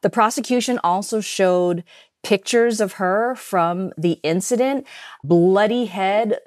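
A woman TV news reporter, a guest on a podcast, slowly and deliberately recounting court testimony. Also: medium pitch, darkish tone, no echo, clean studio sound.

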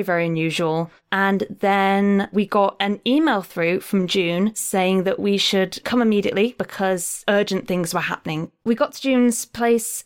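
A woman's voice: mid-range voice, smooth. A woman player in a tabletop game, chattily recapping the story so far. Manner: talkative, brisk storytelling.

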